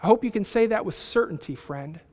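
Emphatic preacher man, high voice. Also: expressive, brisk, long reverb tail. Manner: emphatic preaching, swelling loud then dropping soft. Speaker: pastor. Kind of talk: sermon.

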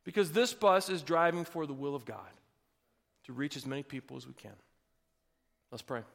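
A man's voice: fairly high pitch, lively intonation, normal speed, vocal fry, a bit bright, in a large hall. A man pastor delivering a sermon with folksy asides, building to emphatic, rising passages.

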